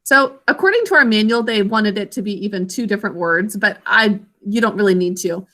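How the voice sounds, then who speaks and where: A woman's voice: medium pitch, fairly quick, pushed and bright. A woman teaching a children's literacy lesson, patiently sounding out each word syllable by syllable. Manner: patient, sounds out words clearly.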